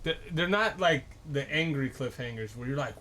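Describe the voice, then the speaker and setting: A young man co-hosting a podcast in casual chat, halting, with stuttered restarts and fillers. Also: medium pitch, animated, sharp tone. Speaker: podcast co-host.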